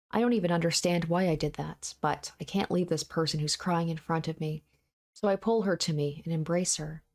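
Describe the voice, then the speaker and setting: A woman narrating a visual novel aloud in a soft, steady, measured voice. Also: fairly low pitch, gravelly.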